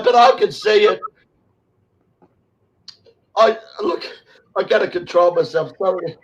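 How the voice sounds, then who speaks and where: A man's voice: high-pitched, measured pace, long pauses, dull audio. An Australian man in his sixties hosting an impassioned online chat, emotional, swearing heavily and rambling with restarts. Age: 60s. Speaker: show host.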